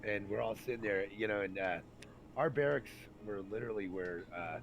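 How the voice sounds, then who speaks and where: Low-voiced man telling rowdy army stories. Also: normal speed, creaky, slight background noise, poor audio. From Santa Rosa, California, USA. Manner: animated, acts out the people in his stories, many fillers. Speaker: storyteller recalling army days. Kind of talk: casual profane storytelling chat.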